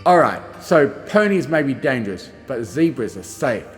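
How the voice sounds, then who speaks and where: A man narrates a story journal aloud, his delivery expressive and moving between gruff and frightened. His voice sits in the middle range. A long reverb trails his words, and faint music plays underneath. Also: mid-range voice, moderate pace. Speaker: audiobook reader. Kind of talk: first-person audiobook narration of a journal.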